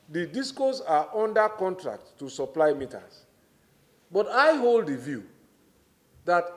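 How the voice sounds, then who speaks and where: Measured Nigerian man, slightly high voice. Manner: measured, deliberate, emphatic explaining. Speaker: government minister. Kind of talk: formal testimony at a public hearing.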